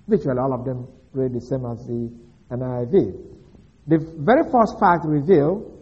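A man with a fairly high but mellow voice teaches scripture in a methodical, explanatory way. The recording is dull and lo-fi. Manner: methodical, explanatory, with occasional restarts. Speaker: Bible teacher. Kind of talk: expository Bible teaching.

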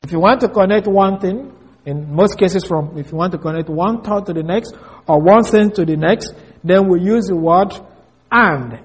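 Husky high-voiced man teaching the Bible. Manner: measured, deliberate, spells out words and repeats phrases for emphasis. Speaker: preacher.

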